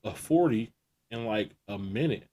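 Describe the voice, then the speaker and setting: A man's voice: on the low side, expressive, unhurried, warm tone, husky. A man co-hosting a podcast, telling crude, laid-back stories in casual chat and laughing often. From American Midwest. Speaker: podcast co-host.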